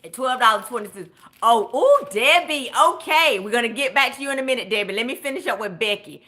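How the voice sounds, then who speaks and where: A woman's voice: on the high side, fast talker, sharp tone. A woman coaching viewers on budgeting during a live stream, chatty and encouraging, cheering people on by name as she reads their comments.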